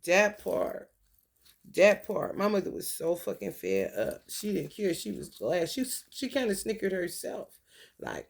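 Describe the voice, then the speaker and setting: A woman talking casually to her viewers, telling animated, profane stories with frequent laughter. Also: medium pitch, a little slow. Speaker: spiritual talk host.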